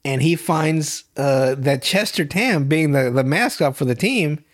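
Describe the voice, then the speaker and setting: Profane, rambling man with a higher voice. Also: expressive, measured pace. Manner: profane, rambling, laughs often, with restarts. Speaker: podcast host. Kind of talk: casual podcast chat recapping a TV series.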